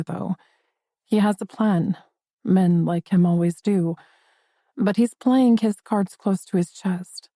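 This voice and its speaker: A woman narrating a first-person romance audiobook in an intimate, expressive storytelling manner. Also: mid-range voice, dry recording, studio quality.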